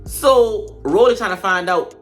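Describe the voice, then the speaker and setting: A woman giving blunt, slangy commentary on a reality show, swinging between loud outbursts and low mutters. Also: a little slow, soft background music. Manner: animated, blunt, slangy trash talk. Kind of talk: casual reaction commentary.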